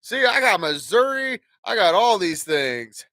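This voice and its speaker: High-pitched guy rambling and cussing on his stream, dry close sound. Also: big pitch swings, a little slow, sharp tone, no room sound. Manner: profane, rambling, acts out dialogue. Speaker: podcast host. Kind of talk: casual livestream chat.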